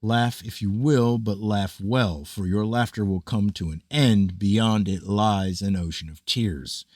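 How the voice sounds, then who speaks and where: A man with a deep voice reads an ancient scripture aloud, slow and grave like a prophet's address. His delivery is measured and declamatory. The sound is dry, with no room echo. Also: a little mellow. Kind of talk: solemn scripted reading of scripture.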